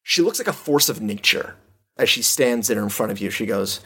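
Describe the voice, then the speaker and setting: A man narrating as game master, relaxed and descriptive with casual fillers. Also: lowish voice, moderate pace, breathy edge.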